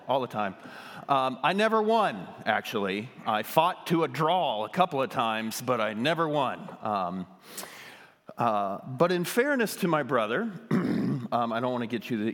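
A man's voice: mid-range voice, fairly bright tone. Guy preaching, chatty story mode, ums everywhere, kinda pokes fun at himself, big echoey hall. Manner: conversational, many ums, self-deprecating humor. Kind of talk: sermon with personal story.

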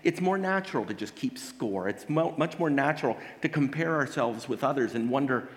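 A male pastor delivering a sermon in an earnest, pleading way, pressing his points with rhetorical questions. His voice sits at an ordinary middle pitch for a man. It rings out with a long reverb, as in a large church hall. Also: animated, normal speed.

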